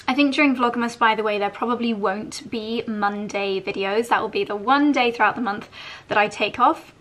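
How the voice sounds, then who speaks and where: A woman's voice: a little high, moderate pace, fairly bright tone. A woman in her thirties chatting to camera in a bubbly, giggly morning vlog at home. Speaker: fashion vlogger.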